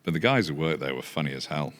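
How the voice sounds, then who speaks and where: A very deep male voice with a posh English accent. He tells stories in a relaxed, anecdotal way, laughing often and swearing freely. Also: fast talker. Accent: posh English, not typical Yorkshire. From England. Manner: storytelling with frequent laughter and swearing. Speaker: podcast guest, business founder. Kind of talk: casual anecdotal chat.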